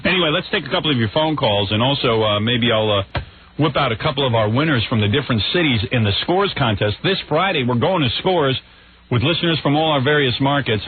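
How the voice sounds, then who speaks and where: A man's voice: mid-range voice, a little hiss or hum. A man hosting a radio show, brash and irreverent, laughing through casual banter. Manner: brash, irreverent, laughs at his own stories. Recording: tinny phone-like radio broadcast.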